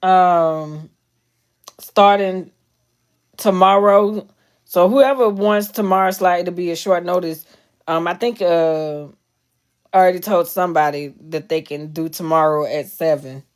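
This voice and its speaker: A woman's voice: lowish voice, unhurried, clear, resonant tone. A woman in casual chat with her followers during a live stream, candid and chatty, swearing freely.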